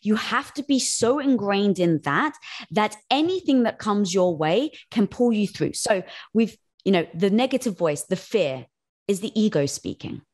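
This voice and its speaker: A woman guest on a podcast offers advice in an encouraging, reassuring tone. She talks at a middle pitch and keeps the conversation friendly and supportive. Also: expressive, unhurried. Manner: warm-hearted encouraging, calls listener girl.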